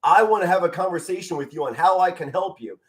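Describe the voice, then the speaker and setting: Middle-aged man, fan play-by-play streamer, standing, passionate and emotional, slightly high voice, occasional stutters. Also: fast, a bit bright. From Pennsylvania. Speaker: amateur play-by-play commentator. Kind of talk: live fan sports commentary stream. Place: home, standing in front of a flag.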